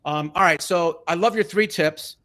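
A man hosting a casual interview, asking questions with many ums and pauses. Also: fairly high pitch, fairly bright tone. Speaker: podcast host.

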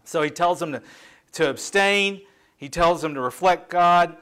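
A middle-aged man delivers a sermon in a conversational, confessional way. His voice sits notably high for a man, and he rises and falls sharply in pitch and loudness as he admits his own faults to the congregation. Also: measured pace, smooth. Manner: candid, self-deprecating, conversational preaching with lively swings in pitch and volume. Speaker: pastor.

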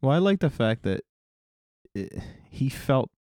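A man's voice: mid-range voice, very animated, measured pace, mellow, no room sound, clean studio sound. A man casually discussing a movie on a podcast, rambling and retelling scenes with laughs. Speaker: podcast host.

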